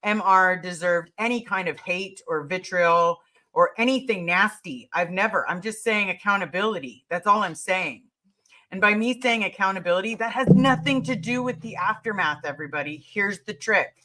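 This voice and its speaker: A woman hosting a casual livestream, talking straight to her viewers. Her voice is bright and forward, and she presses her points hard, repeating key words for emphasis. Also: medium pitch, normal speed. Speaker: livestream host answering viewer questions.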